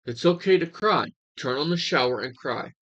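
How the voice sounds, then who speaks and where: A man's voice: fairly high pitch, lively intonation, moderate pace, a bit bright, muffled recording. A young man giving a heated, crude reaction commentary, swearing and mocking as he talks.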